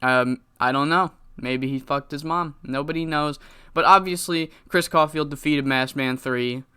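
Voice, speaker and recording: A man giving laid-back commentary over a video game playthrough. His voice sits a touch high and sounds bright and smooth. He rambles, swears casually and corrects himself mid-sentence. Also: a little slow. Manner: rambling, profane, self-correcting.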